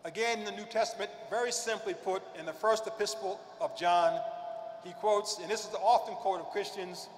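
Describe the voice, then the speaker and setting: A man giving a prepared religious speech at a convention, speaking emphatically and slowing down to stress key phrases. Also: high-pitched, steady tone, slight background noise. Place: large convention hall. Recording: echoey hall with long reverb.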